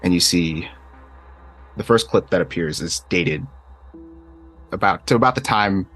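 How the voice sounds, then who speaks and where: A man's voice: low voice, lively intonation, measured pace, fairly bright tone, slightly rough. A man running a tabletop game, describing scenes loosely with lots of fillers, over faint music. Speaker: game master.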